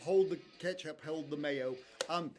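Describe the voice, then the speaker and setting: A man's voice: fairly high pitch, a little slow, music in the background, close to an everyday voice. A man playing a clown frontman hosting a charity call-in, with a hesitant, put-on British accent, calling everyone darling. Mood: fussy. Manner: fussy, calls everyone darling.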